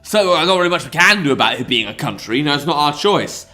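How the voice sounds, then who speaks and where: A man's voice: fairly high pitch, big pitch swings, quick pace, bright, forceful tone, faint music behind. A young man doing rambling, jokey, self-mocking let's play commentary as a YouTuber.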